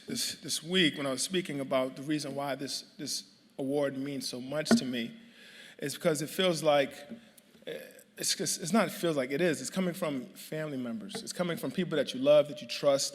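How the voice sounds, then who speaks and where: A man's voice: mid-range voice, brisk. Man, late 30s, from New York, hall of fame acceptance speech, humorous and rambling, lots of fillers, long hall reverb. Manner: humorous, chatty, many fillers and restarts.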